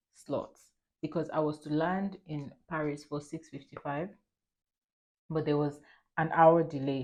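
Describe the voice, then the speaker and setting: A young woman, chatting through a get-ready-with-me video in an animated, storytelling way with frequent laughs. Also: sits low. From Nigeria. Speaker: lifestyle vlogger. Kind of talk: casual get-ready-with-me chat.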